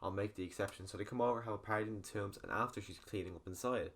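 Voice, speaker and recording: A man's voice: lowish voice, rapid-fire, a bit bright. A man casually recapping a film's plot in a rambling spoiler review, full of fillers. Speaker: film reviewer.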